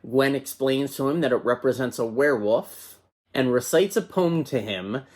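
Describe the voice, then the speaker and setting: A man's voice: mid-range voice, normal speed, a little mellow. Enthusiastic man hosting a movie review. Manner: enthusiastic, conversational. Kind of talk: casual chatty film review.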